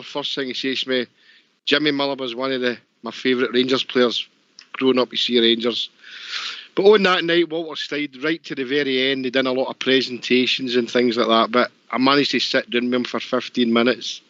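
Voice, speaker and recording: A Scottish man on a call-in show telling a story, halting and emotional. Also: mid-range voice, fairly bright tone, dry recording. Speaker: show presenter. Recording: dry dull lo-fi stream audio.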